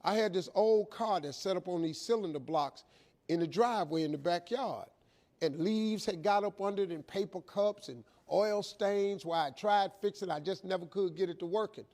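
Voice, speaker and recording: A man's voice: high voice, moderate pace, darkish tone. A middle-aged man telling a folksy, emphatic, preacher-like story to a live audience as a motivational speaker.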